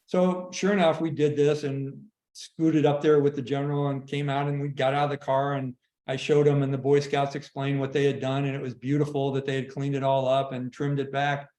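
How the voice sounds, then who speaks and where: Retired general telling a war story. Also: male voice, mid-range voice, a little mellow, reverberant. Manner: conversational, halting restarts, anecdotal. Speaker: retired army general, guest. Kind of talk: casual storytelling in an online conversation. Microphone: video call.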